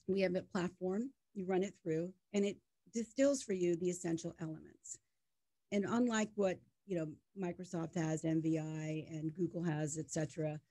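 Emphatic middle-aged businesswoman guest. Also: fairly low pitch. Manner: emphatic, animated storyteller. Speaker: media tech startup co-founder, guest. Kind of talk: conversational interview.

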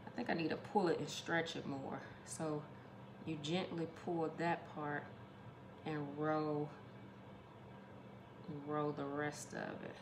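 A woman's voice: deep voice, sing-song, takes it slowly, gravelly, pauses often, echoey room, noisy background. A woman chatting through a home cooking demonstration, affectionate and talkative, calling her viewers honey.

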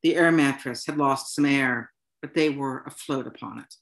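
A woman author reading her own short story aloud to an audience, in a plain, unhurried storytelling manner. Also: a bass voice, gravelly. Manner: unhurried, plain storytelling delivery with soft "um" fillers.

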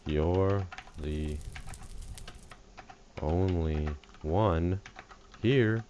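Tired dude, super deep voice, rambly jokey game commentary, keeps getting distracted, muffled lo-fi recording. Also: male voice, extremely slow, mellow. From USA. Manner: rambling, joking, easily distracted. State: tired, just woke up. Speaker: gaming channel host. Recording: dull lo-fi recording with faint hiss.

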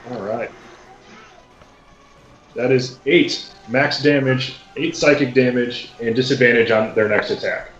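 A man's voice: mid-range voice, fairly even intonation, a little slow, long pauses, a bit bright. A man playing a tabletop game, calling his rolls in a matter-of-fact way. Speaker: player. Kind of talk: casual tabletop play. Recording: roomy dull audio with faint music.

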